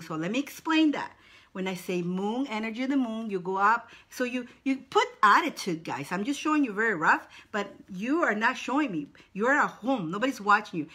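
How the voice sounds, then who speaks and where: A woman's voice: medium pitch, pushed and bright. A woman leading a spiritual wand dance, calling out short encouraging cues and stretching her words as she guides the movements.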